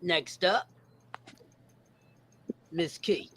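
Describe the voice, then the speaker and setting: A man's voice: a little high, very slow, sharp tone, slightly rough, no echo. A man co-hosting a casual panel chat, boastful and playful. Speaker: co-host.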